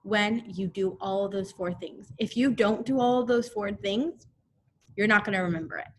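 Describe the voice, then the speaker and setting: A woman teaching a recorded phonics lesson to second graders, repeating letter sounds slowly so the children can echo her, with frequent encouraging check-ins. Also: medium pitch, slight background noise. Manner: encouraging, checks in often with "okay?".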